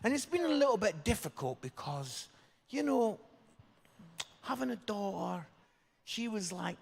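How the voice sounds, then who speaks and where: A man in his fifties giving a humorous, animated sermon, joking with the congregation as he tells stories. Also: sits high, unhurried, gravelly, husky. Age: 50s. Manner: animated, jokey, crowd-engaging. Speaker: preacher. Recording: long hall reverb.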